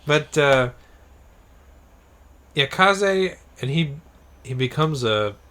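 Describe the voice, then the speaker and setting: Joking young man, slightly high voice. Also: animated, pushed and bright. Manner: jokey, acts out characters in quick bursts. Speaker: podcast co-host. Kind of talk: casual chat.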